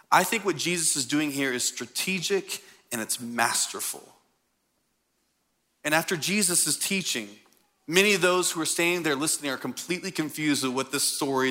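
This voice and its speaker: A man preaching a sermon to a congregation in a church, animated and conversational. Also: on the high side. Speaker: pastor. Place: church sanctuary before a congregation.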